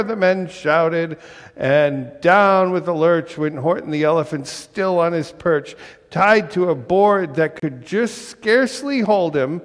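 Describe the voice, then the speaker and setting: A male minister reading a rhyming picture book aloud to a congregation, in a rhythmic, expressive storytelling manner. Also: fairly high pitch, takes it slowly, in a large hall. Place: church sanctuary.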